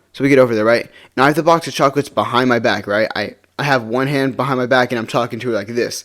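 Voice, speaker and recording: Male vlogger, mid-pitched, casual storytime, rambling and restart-heavy, mumbles low when glum. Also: quick pace, few pauses, a bit bright. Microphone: face-cam setup.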